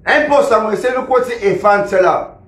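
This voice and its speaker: High-voiced Sierra Leonean man ranting live. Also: a little fast, fairly bright tone. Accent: Sierra Leonean Krio English. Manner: rambling, repetitive, laughs between lines. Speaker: musician and social media personality. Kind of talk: casual live-stream rant. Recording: echoey room.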